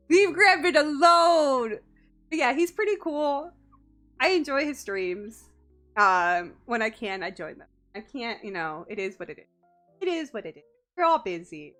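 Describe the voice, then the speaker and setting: Playful woman streamer from the US, bright and lively, teasing chat with lots of giggles. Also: fairly high pitch, moderate pace, faint music behind. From United States. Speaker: VTuber streamer. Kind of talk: casual live-stream chat.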